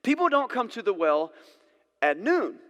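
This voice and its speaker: Laid-back man preaching to a congregation; fairly high voice, loose storytelling, reverberant church hall. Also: very animated, unhurried, fairly bright tone, highs cut off. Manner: casual, conversational, acts out scenes. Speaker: pastor. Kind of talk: sermon. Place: church sanctuary.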